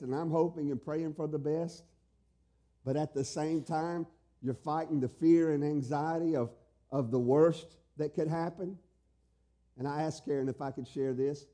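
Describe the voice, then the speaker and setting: Delivering a sermon, this middle-aged pastor speaks in a high yet mellow, darkly colored voice. His emphatic preaching rises into loud, pleading questions before falling away to something soft and tender.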